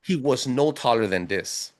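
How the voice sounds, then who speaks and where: A man telling a story as a podcast guest in a casual, animated way, full of slang. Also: medium pitch, unhurried, no echo. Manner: animated, slangy, keeps saying bro.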